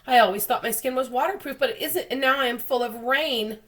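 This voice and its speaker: A woman's voice: high voice, brisk, fairly bright tone, voice pushed up. A woman doing a gloomy complaining earthworm. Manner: mournful, complaining. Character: gloomy fretful male earthworm.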